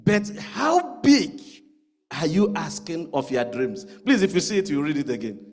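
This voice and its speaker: A man with a high, ringing voice preaches in a church. His words carry a long reverb that trails off through the sanctuary. He presses the congregation with question after question and repeats key phrases for weight. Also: big pitch swings, brisk, darkish tone. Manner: rhetorical questions, repeats lines for emphasis. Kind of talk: sermon.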